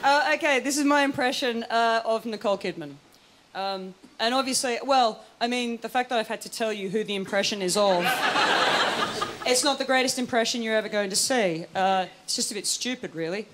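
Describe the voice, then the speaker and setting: A woman's voice: fairly high pitch, brisk. A woman comedian doing a stand-up set on a studio stage, giggling and laughing through her lines in a self-mocking way. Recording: loud live audience laughter and noise.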